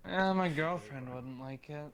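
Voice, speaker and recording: A woman's voice: sits low, measured pace. A woman in an online roleplay, teasing and playful as she talks in character. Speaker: roleplay player.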